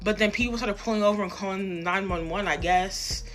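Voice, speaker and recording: A woman's voice: medium pitch, a little fast, a bit bright, soft background music. A young woman telling a rambling, profanity-laced personal story in a casual, self-deprecating way, acting out what people said. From Tacoma, Washington area.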